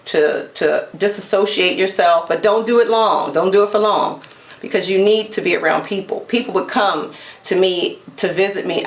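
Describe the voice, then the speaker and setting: Casting: woman with a lowish voice, earnest and advising, recorded from a distance in an echoey room. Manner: earnest, gently advising, with restarts. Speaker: guest sharing her story. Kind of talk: personal testimony.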